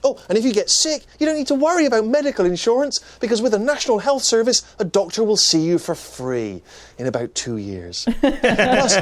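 An actor playing a cheeky English man mocking Americans in a comic ad, talking in a mocking tone. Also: fairly high pitch. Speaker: ad spokesman. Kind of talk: comic ad monologue.

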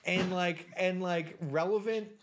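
A man's voice: high-pitched, fairly even intonation, measured pace, background noise. A man hosting a podcast, chatting casually with jokes and lots of fillers. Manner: rambling, jokey, filler-heavy. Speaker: podcast host.

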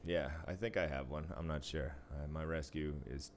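A man with a very low voice chats casually. He rambles, swears freely and breaks into laughter as he tells his stories. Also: fairly even intonation, normal speed, a little hiss or hum. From Boston area, US. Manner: profane, rambling, laughs a lot. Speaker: podcast co-host, casino dealer. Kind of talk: casual chat.

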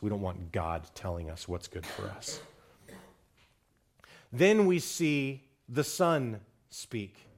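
A man preaching a sermon on a psalm, quoting scripture and retelling stories, climbing higher and louder on key points and dropping quiet for solemn ones. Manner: rises in pitch and volume when stressing points, drops low and quiet for solemn lines.

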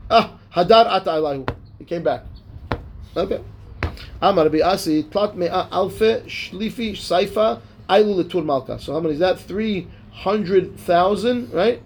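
High-voiced rabbi teaching a Talmud class. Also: male voice, moderate pace, slight background noise. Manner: casual, checks in with "right?" and "okay"; reads Aramaic text, then explains it in English. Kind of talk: Talmud class, reading and translating.

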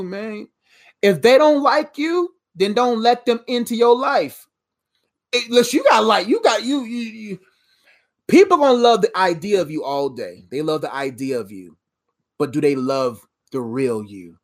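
Animated yet a little slow, a woman with a mid-range voice gives faith-based motivational preaching directly to camera. As a motivational speaker, she repeats herself emphatically in a conversational style and laughs at her own jokes.

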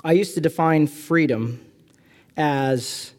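This is a middle-aged California pastor's sermon, delivered in a fairly high voice at a moderate pace with frequent pauses. He leans on self-mocking, animated stories and throws in lively asides.

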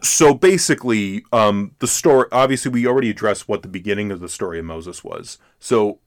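A man's voice: on the low side, a little fast. A man hosting a casual film podcast, rambling with many restarts and fillers and laughing often. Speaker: podcast host. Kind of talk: casual chat.

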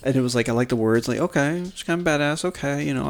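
A man's voice: medium pitch, fast talker, vocal fry. A man co-hosting a music podcast, chatting casually and profanely about an album, laughing often and mimicking sounds. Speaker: podcast co-host. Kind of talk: casual music review chat.

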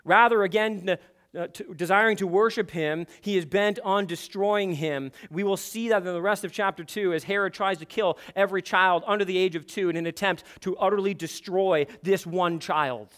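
A man preaching an expository sermon, emphatic and building to forceful peaks. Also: sits high, moderate pace. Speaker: pastor.

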